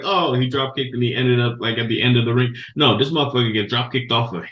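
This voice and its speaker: A man hosting a podcast, recapping a show in a loose, profane, animated storytelling way. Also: medium pitch, fast, dull audio. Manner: profane, animated storytelling with laughs and quoted voices. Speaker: podcast host. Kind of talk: casual recap of an anime episode. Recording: echoey room.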